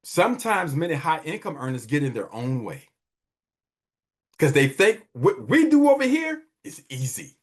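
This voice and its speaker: On his wealth podcast, a middle-aged man who works as a wealth advisor speaks at normal speed in a fairly high voice with big pitch swings. His money talk is motivational, emphatic and preachy, with phrases repeated for effect.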